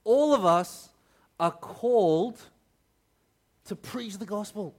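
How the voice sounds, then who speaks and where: A man's voice: high-pitched, lively intonation, takes it slowly. A man preaching a sermon in a conversational way. He often checks in with the audience and tells a personal story with plenty of fillers and restarts. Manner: many fillers and restarts when telling stories.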